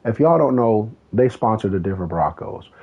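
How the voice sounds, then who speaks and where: A man's voice: fairly low pitch, lively intonation, moderate pace, breathy edge. A man streaming a racing game, chatting casually and telling a rambling story with lots of swearing. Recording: tinny phone-like sound.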